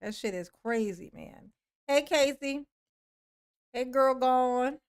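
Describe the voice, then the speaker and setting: Woman livestream host, unhurried drawl, slightly high voice, playful and laughing, casual chat with viewers. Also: smooth. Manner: playful, laughs often, drawn-out "yes, honey". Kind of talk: casual livestream chat, reading and answering a live chat.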